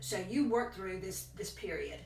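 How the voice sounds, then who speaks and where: A woman's voice: mid-range voice, lively intonation, normal speed, slight background noise. A woman giving a casual tarot reading, rambling and correcting herself as she thinks aloud while chewing gum. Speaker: tarot reader. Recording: echoey room, distant from mic.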